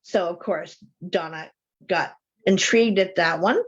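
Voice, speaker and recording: A woman's voice: on the low side, measured pace, highs cut off. A woman hosting a live call-in show, chatting with viewers, reading their comments aloud and telling stories. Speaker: host.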